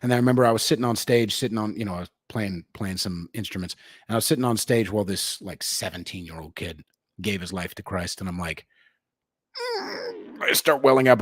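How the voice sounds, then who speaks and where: Brash young male livestream host, profane and slangy, bursts loud then drops low, very animated delivery. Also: fairly quick, slightly rough, no echo, studio quality. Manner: jumps between shouting and low asides. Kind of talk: unscripted livestream rant.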